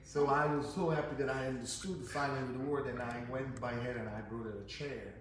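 An Italian-accented man rattles through his stories at a quick clip, his voice carrying a gravelly edge. The recording sits in a very echoey room with steady background noise. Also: medium pitch, recorded from a distance. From Naples, Italy. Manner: animated anecdotes with quoted voices. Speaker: guest, restaurateur. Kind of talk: storytelling interview. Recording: roomy echo, background noise.

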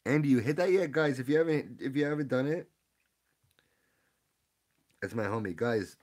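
A young man streaming live as he opens card packs, chatting casually and rambling excitedly as he gives shout-outs to viewers. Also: medium pitch, normal speed. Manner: excitable, rambling, hypes up the audience.

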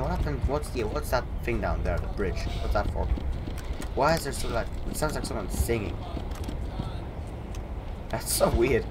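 A man giving let's-play commentary while gaming, excitable and often shouting at the game. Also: medium pitch, noisy background. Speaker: gameplay commentator.

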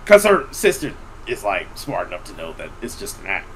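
A man's voice: fairly low pitch, wildly swooping pitch, brisk, slight background noise, low-quality recording. A man hosting a podcast, telling a profane story in a casual chat and laughing often. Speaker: podcast host.

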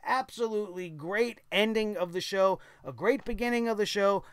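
A man's voice: high voice, normal speed, clean tone, no echo. A man hosting a wrestling review show, giving blunt, opinionated commentary with casual swearing.

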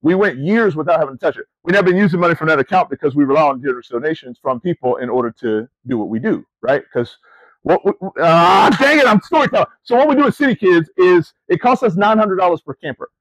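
A middle-aged man delivers a lively sermon, telling stories with rising, emphatic questions and casual asides to the crowd. His voice sits fairly high for a man. The sound is dry and close. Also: fast talker, dry recording, poor audio. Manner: conversational, addresses listeners as family and y'all. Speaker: preacher and camp ministry CEO. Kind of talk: sermon to student athletes.

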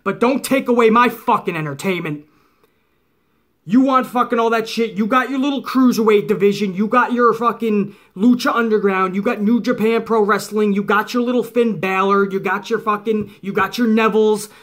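A man's voice: high voice, normal speed, a bit bright. Profane ranting middle-aged man. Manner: profane, heated, mocking. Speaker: wrestling commentator. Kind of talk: ranting commentary.

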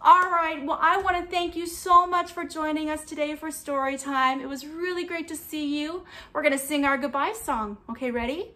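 A young woman leading a children's museum storytime, gentle and animated, with frequent gasps and sing-song prompts to the little ones. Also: high-pitched, normal speed, hardly any pauses.

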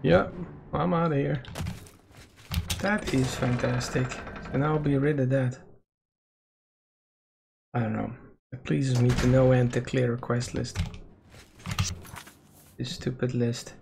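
Slow, gravelly man playing a game. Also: medium pitch, steady tone, background noise. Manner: muttering to himself, wry, swears. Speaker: let's play host. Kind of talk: casual gameplay commentary.

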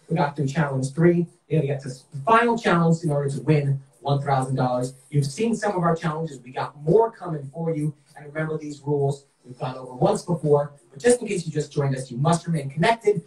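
A man's voice: on the high side, darkish tone, echoey room, recorded from a distance, poor audio. A man with a Boston accent hosting a live-streamed game show, hyped up and talking straight to viewers. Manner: upbeat, hyped, talks to viewers.

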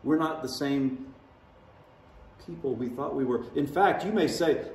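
A pastor preaches a sermon in a conversational style, slipping into dramatic voiced quotes. His voice is fairly high with a darkish tone, a little slow, with long pauses. He's captured from far off in the echoey hall of a large church sanctuary.

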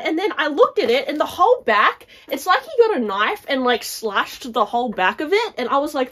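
A chatty young woman talking casually to camera about her handbags. Her voice sits a little high, and she leans on "like" and "guys" all the time. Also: very animated, a little fast, hardly any pauses, fairly bright tone. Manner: chatty, fills talk with "like" and "guys". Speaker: handbag vlogger.

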